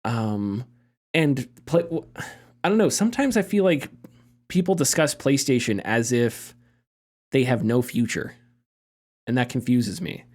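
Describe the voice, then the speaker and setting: A man's voice: medium pitch, expressive, a little slow, pauses often, a little mellow. Easygoing male podcast host, hedging. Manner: conversational, hedging, thinks aloud. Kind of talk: casual podcast discussion.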